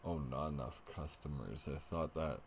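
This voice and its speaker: A man's voice: a bass voice, normal speed, a little hiss or hum. A man livestreaming a city-building game, thinking aloud as he plays and easily amused. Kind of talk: casual gaming chat.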